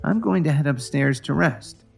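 A man voicing a calm young husband who speaks in an easygoing, smiling way. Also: fairly high pitch, moderate pace, vocal fry, faint music behind, pitched above the performer's own voice. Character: calm young husband, unbothered and quietly smug.

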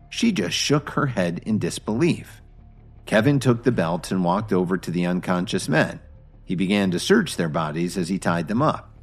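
A man narrating a story in scripted, animated style. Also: sits low, vocal fry, slightly rough. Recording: faint background music.

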